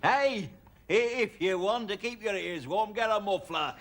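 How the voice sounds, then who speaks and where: A man's voice: sits high, measured pace. A middle-aged man playing a stingy shopkeeper who stammers. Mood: teasing. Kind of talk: sitcom acting. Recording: noisy TV sitcom recording.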